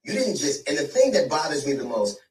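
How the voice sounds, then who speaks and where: A man's voice: on the high side, big pitch swings, fairly quick, a little mellow, slight background noise. A middle-aged male comedian giving an aggrieved, emphatic statement against a rival, often repeating himself and building to anger. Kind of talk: public statement answering a rival. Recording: echoey room, from far off.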